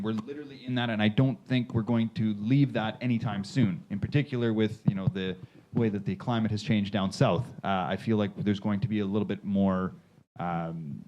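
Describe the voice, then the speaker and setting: A man's voice: mid-range voice, darkish tone, dull audio. A man moderating a panel discussion in a casual, rambling way, restarting his sentences often and slipping in dry sarcasm. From Canada. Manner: rambling, self-correcting, jokey sarcasm. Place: conference room panel. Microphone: handheld mic.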